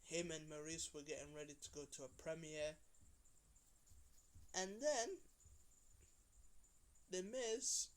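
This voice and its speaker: A man's voice: fairly high pitch, slow, long pauses. A man giving a casual, rambling recap of a wrestling episode. He talks with lots of fillers and restarts, and he briefly changes his voice when he quotes people. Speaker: wrestling show reviewer.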